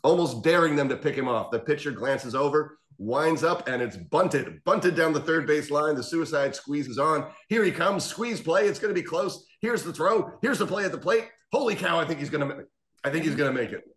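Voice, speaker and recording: A man's voice: fairly high pitch, lively intonation, brisk, a bit bright, echoey room. A man reading play-by-play lines as a mock radio baseball announcer, half laughing. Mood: mock excited.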